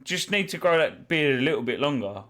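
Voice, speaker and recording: A man in loose, sweary banter who laughs easily and mocks freely. His voice is bright and lively, and his pitch moves up and down a lot. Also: a little fast. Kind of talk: casual banter.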